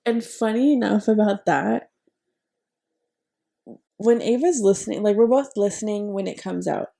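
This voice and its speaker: A woman's voice: mid-range voice, moderate pace, creaky, warm tone. A young woman co-hosting a podcast, chatting casually with lots of "like" fillers and casual swearing. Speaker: podcast co-host. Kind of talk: casual chat.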